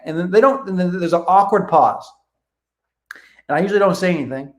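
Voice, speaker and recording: A man's voice: high-pitched, brisk, echoey room. A man coaching a live online training who talks energetically, swears freely and acts out both sides of phone calls. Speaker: real estate coach.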